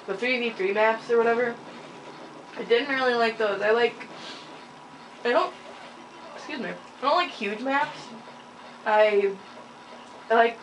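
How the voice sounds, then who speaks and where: A young woman giving casual, rambling gameplay commentary, giggling often and filling pauses with ums, a little sleepy with hiccups. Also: a little high. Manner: rambling, giggly, many fillers. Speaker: gaming channel host. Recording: distant mic with faint noise.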